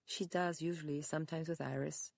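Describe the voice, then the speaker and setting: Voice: medium pitch, fairly even intonation, fairly quick, gravelly, darkish tone, no echo, voice pushed up. A narrator voicing a hesitant, guarded young woman who answers in short replies, close to the narrator's own voice. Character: hesitant young pregnant mission worker, guarded. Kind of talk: audiobook character reading.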